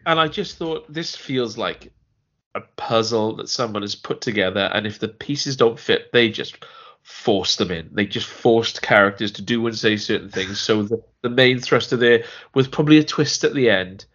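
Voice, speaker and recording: A man's voice: on the low side, moderate pace, a bit bright, highs cut off. A man co-hosting a podcast, chatting casually about a TV series, rambling with restarts and acting out lines. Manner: rambling, restarts often, acts out quoted lines. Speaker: podcast co-host. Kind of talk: casual chat reviewing a TV series.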